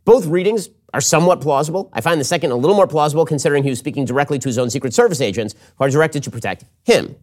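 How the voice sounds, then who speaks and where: A man hosting a political commentary show, talking fast and argumentatively, with a read ad segment. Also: a little high. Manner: quick, animated, argumentative.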